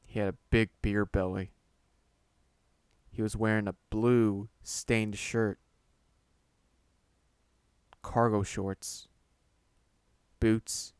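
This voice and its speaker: Give me a man narrating a horror story slowly and deliberately, with a dry close sound. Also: fairly low pitch, clean tone, dry recording. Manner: slow, deliberate reading.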